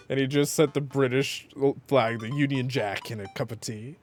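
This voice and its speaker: A man's voice: mid-range voice, expressive, moderate pace, faint music behind. A man casually commenting on a dating game he is playing, joking around and reading the game's messages aloud. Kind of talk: casual let's-play commentary.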